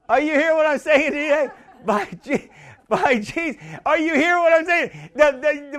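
Male preacher, very high voice, emphatic and repeating himself, building to shouts. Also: measured pace. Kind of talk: sermon.

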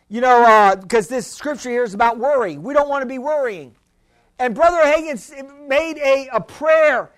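A man with a very high voice delivers a fervent sermon. He repeats key phrases and calls out to the congregation for a response. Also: moderate pace. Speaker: preacher.

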